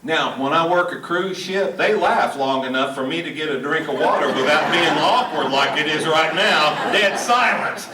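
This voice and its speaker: A middle-aged male comedian with a high, bright voice delivers a folksy stand-up set. He pokes fun at himself and teases the crowd. The sound is roomy and distant, like a small auditorium picked up from across the room. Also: moderate pace, hardly any pauses, heavy background noise. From Hot Springs, Arkansas. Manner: folksy, self-deprecating, teasing the crowd. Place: small auditorium at a senior living community. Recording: echoey room, mic heard from a distance.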